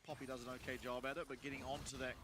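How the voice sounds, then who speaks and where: A man's voice: mid-range voice, very fast, background noise. A man giving play-by-play commentary on a competitive game match. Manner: steady, analytical play calls. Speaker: esports caster.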